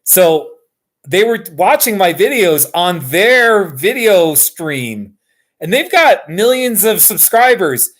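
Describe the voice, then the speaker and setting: Brief: American male streamer, slightly high voice, relaxed slow chat, easily excited. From Colorado, USA. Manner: chatty and excitable, chuckling often. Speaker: YouTuber hosting a live stream. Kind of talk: casual live-stream chat.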